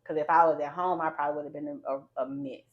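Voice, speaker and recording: Low-voiced woman telling a story. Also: quick pace. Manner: animated storyteller, lively quoted voices. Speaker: podcast host. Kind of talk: casual storytelling chat. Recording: slightly dull lo-fi sound.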